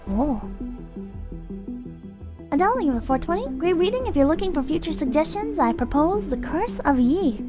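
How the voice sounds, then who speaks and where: Young woman streamer, high voice, animated swings, rambly casual chat. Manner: rambling and self-conscious, heavy use of "like". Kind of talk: casual chat, reading viewer comments. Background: background music.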